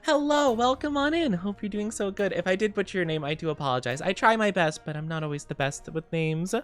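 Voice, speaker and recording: Woman, young adult, sleepy streamer, casual chat, clear smooth tone, faint music behind. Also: medium pitch, expressive, moderate pace, hardly any pauses. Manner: chatty, warmly greets and reads chat. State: tired, low on sleep. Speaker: VTuber streamer.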